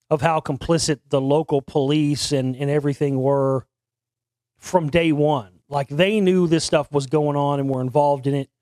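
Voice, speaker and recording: Hosting an internet talk show, a man tells a long, meandering story with lots of restarts and casual cursing. His voice is a little high and a little mellow, captured at studio quality with no room sound.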